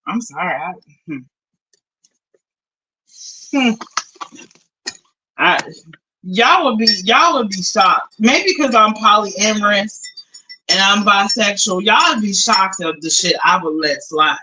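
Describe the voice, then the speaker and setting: A young woman live streamer in casual chat, animated and talkative, switching between low mutters and loud outbursts. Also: slow pace, pauses often, poor audio. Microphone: phone.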